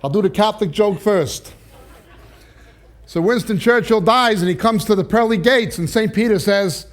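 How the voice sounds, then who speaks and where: A man preaching, telling jokes with animated timing and then reading scripture slowly and deliberately. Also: high voice. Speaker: pastor.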